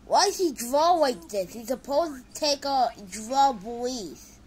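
Excitable woman reacting with lively outbursts. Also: sits high, slow, slightly rough, low-quality recording. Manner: excitable, exclaiming, swings from loud outbursts to mumbling. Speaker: video reaction creator. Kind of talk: casual reaction commentary.

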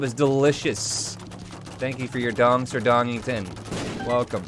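A man streaming a video game live, joking and reacting excitedly as he chats with viewers. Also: medium pitch, unhurried. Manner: excitable, jokey, breaks into song snatches. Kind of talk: live gameplay commentary.

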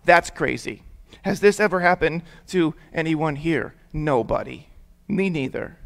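Young male youth pastor with a high voice, chatty and interactive, leads call-and-response. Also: unhurried, creaky. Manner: lively, prompts the audience to repeat words; conversational storytelling with casual fillers. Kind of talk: interactive sermon for young people.

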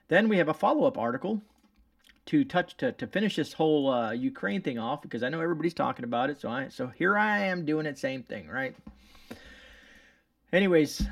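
A man with a somewhat high voice comments on the day's news and reads it aloud, rambling and sarcastic, often stopping and restarting his sentences. The sound is dry and close, but he sits a little back from the mic. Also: no echo, distant mic. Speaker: channel host.

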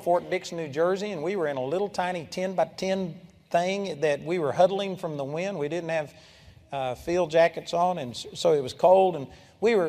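An older man preaching a sermon, telling folksy personal stories and breaking into loud shouts when he acts out a scene. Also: sits high. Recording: live sermon in a large reverberant hall.

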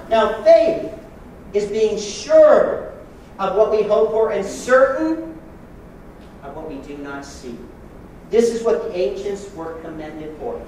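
Guy preaching a sermon, jokey and lively, heard from far off in a big echoey church room. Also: high voice, a little hiss or hum. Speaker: pastor.

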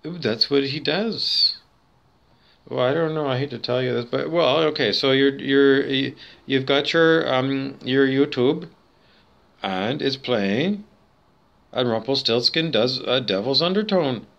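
A man's voice: medium pitch, unhurried, vocal fry, fairly bright tone, muffled recording. Rambling man hosting a talk show. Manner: digressive, thinks aloud with many fillers and restarts. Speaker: show host. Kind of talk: rambling casual monologue.

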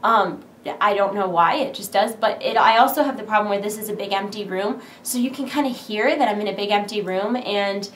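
A woman's voice: medium pitch, a little fast, a bit bright, a little hiss or hum. Chatty young woman in an echoey room. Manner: chatty, rambling, full of "like". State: excited and nervous. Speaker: vlogger. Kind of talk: casual vlog chat. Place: big empty room at home. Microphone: camera's built-in mic.

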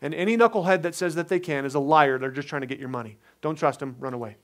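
Male pastor, sermon delivery, a little high-pitched, earnest, shifts between loud emphasis and hushed storytelling. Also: fast. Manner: earnest, swings from loud emphatic preaching to quiet conversational storytelling.

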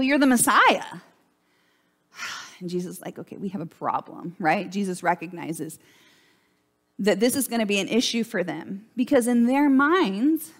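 A woman pastor preaching a sermon in a church, in a chatty, conversational way and often checking in with "right?". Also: a little high.

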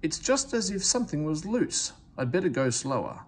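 A man's voice: a little high, very animated, normal speed, a little hiss or hum, pitched above the performer's own voice. A man voicing a pompous, boastful big express engine in a read-aloud storybook. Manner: grumbling and pompous.

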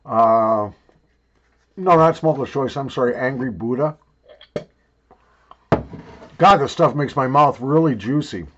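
A man's voice: medium pitch, measured pace, pauses often, fairly bright tone, lo-fi sound. An older man rambling and joking crudely while he talks around a wad of chewing tobacco in a casual review video.

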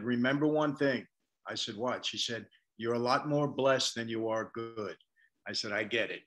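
A man's voice: medium pitch, fairly bright tone. An older man, a guest on an interview show, reflecting candidly and telling stories from his life with frequent restarts. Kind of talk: storytelling interview.

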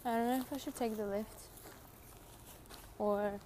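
A woman's voice: on the high side, steady tone, unhurried, dark tone. Give me an eighteen-year-old woman, rambling. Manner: giggly, rambling storytelling. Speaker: livestreamer. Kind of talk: casual livestream chat. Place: outdoors in a city. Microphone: phone. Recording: noisy phone livestream.

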